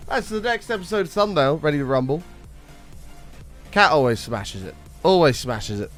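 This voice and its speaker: A young man hosting a casual gaming live stream, greeting viewers by name and chatting with excitable bursts, his voice slightly rough. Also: a little high, moderate pace, faint music behind.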